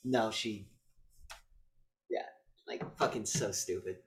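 A man's voice: lowish voice, takes it slowly. A man casually retelling a film scene by scene for a podcast, swearing freely and acting out the characters' lines. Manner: animated, profane storytelling, acts out quotes. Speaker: podcast co-host. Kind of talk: casual movie review chat.

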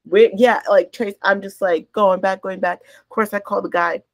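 A woman's voice: mid-range voice, steady tone, normal speed, no echo. Woman cohost just chatting, blunt n candid, swears a lot, dry close sound. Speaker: podcast co-host. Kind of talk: casual chat.

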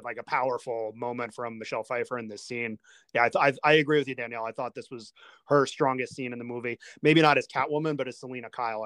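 A man's voice: mid-range voice, no echo. Chatty man recapping film scenes, dry sound. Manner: chatty, animated retelling of scenes. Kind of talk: casual film discussion.

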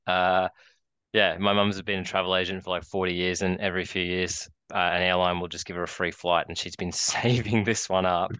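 Aussie podcast co-host, low monotone, smooth dry voice, rambling anecdote style. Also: male voice, a little fast, dry recording. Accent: Australian. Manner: rambling storyteller, many restarts and fillers. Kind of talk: casual chat.

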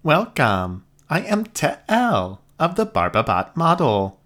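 A woman's voice: low voice, sing-song, takes it slowly, fairly bright tone, pitched above the performer's own voice, full character voice. A man voicing a prim female security robot that speaks in stiff, formal customer-service phrases. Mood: politely robotic. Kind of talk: audiobook character voice.

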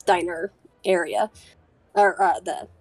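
A woman narrating as game master of a tabletop game, halting often with fillers and restarts. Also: on the low side, slightly rough, dry recording.

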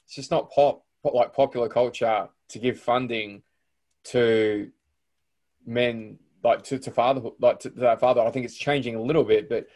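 A man's voice: mid-range voice, steady tone, normal speed, a little mellow. A man with an Australian accent hosting a podcast, talking in a loose, rambling way full of restarts. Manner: rambling, lots of fillers and restarts. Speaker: podcast host. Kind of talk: casual interview chat.

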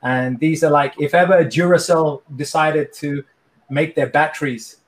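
Male guest, joking and energetic, higher-pitched voice. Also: measured pace. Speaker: coach and guest. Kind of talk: casual interview chat.

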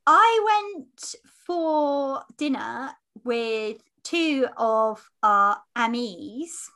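Woman co-host, high and very animated, unhurried, bubbly chat. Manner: bubbly, laughs between phrases. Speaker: podcast co-host. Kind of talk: casual chat.

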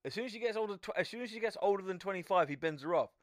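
A man's voice: sits high, lively intonation, rapid-fire. A man co-hosting a podcast in a studio, chatting casually in sweary, emphatic banter. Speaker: podcast co-host. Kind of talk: casual chat.

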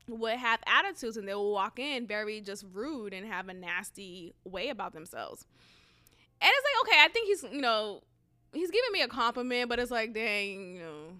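A woman's voice: mid-range voice, pushed and bright. A young woman of Haitian background telling a story in a chatty, casual way, laughing often and swearing freely.

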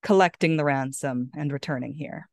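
A woman narrating as game master for a tabletop game in a relaxed way, with fillers. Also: low voice, moderate pace, dry recording.

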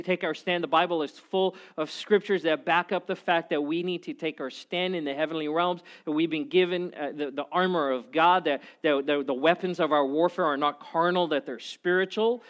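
A pastor delivers a sermon in a chatty, animated storytelling way. His voice sits a little higher than most men's. He jokes and asides freely while preaching.

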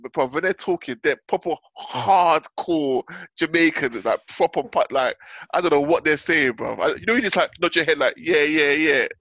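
A man's voice: on the high side, lively intonation, normal speed, a bit bright, dry recording. Chatty man, dry sound. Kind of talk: casual chat.

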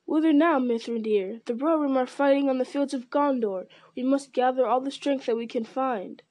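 A woman reading aloud, voicing a commanding male prince who calls out loudly and urgently. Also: high voice, moderate pace, lightly acted. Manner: loud, urgent call. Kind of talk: audiobook character voice.

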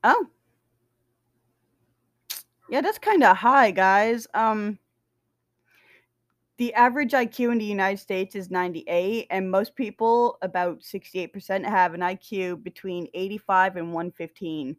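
A woman's voice: mid-range voice, a little slow, long pauses, dry recording, studio quality. A woman casually reading a document aloud, breaking off for joking, swearing asides and stumbling over dates. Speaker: reader of SCP documents.

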